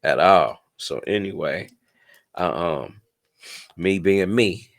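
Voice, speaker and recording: Speaking slowly in a low, gravelly voice, this twenty-something man relaxes into a personal story. Profanity comes often, and he repeatedly asks his listener, "you know what I'm saying?"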